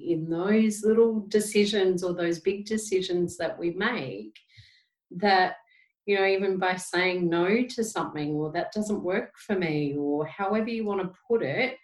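A woman in her forties speaking gently and reflectively in a casual podcast chat, telling stories. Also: fairly low pitch, measured pace. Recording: roomy echo, distant from mic.

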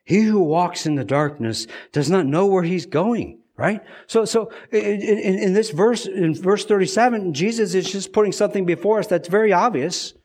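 Male preacher, higher register, earnest sermon delivery with repeated words for emphasis. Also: normal speed, hardly any pauses, darkish tone. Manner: earnest, repeats words when stressing a point.

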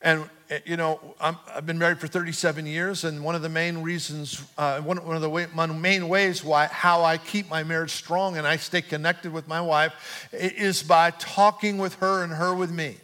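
With a slightly high, bright, forceful voice, flat delivery and normal speed, a middle-aged man preaches as pastor in a church auditorium. His easygoing personal story builds into emphatic calls, repeated with rising intensity.

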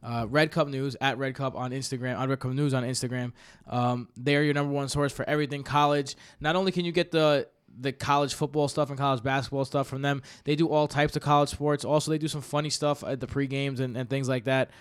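A young man hosting a podcast and chatting easily with his co-host. His talk is loose and full of fillers, at an ordinary pitch for a man. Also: steady tone, fairly quick, hardly any pauses, smooth. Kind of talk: casual podcast chat.

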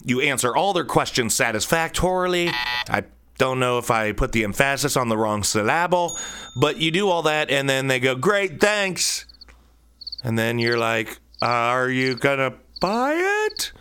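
A man's voice: mid-range voice, moderate pace, noisy background. A man hosting his own podcast from a home studio office, talking casually with jokey, rambling asides into a studio microphone. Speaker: podcast host. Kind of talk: casual solo podcast monologue. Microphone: studio microphone on a stand.

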